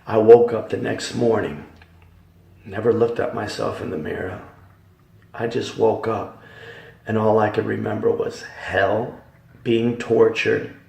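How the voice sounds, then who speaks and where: A man giving a dramatic Christian testimony, emphatic, swinging from hushed tones to loud ones. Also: on the low side, steady tone, a little slow, gravelly, long pauses. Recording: echoey hall, voice from far off.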